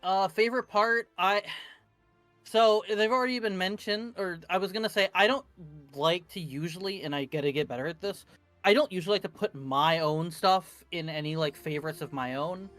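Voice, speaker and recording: Man, casual post-game chat on a voice call, bright slightly high voice, rambly, faint music bed. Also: normal speed, no echo. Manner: rambling, self-correcting, many fillers. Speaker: tabletop game player. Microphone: computer mic on voice call.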